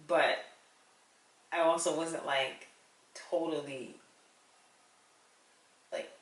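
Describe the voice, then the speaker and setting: A woman co-hosting a casual conversation, chatty and animated, laughing often. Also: low-pitched, drawn-out words, far from the mic. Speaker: co-host. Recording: echoey room, a little off-mic.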